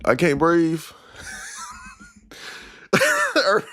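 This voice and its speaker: A man's voice: medium pitch, normal speed, long pauses. A man hosting a live stream, casually chatting to his viewers and laughing so hard he gasps for breath. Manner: laughing uncontrollably, gasping for breath; animated, addresses chat as y'all. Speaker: live stream host reacting to clips.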